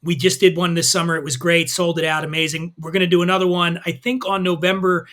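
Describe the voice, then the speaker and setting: A man guesting on a podcast, chatting casually and reading from his own book with lively, irreverent delivery. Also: fairly high pitch, fast talker. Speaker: podcast guest, drinks writer.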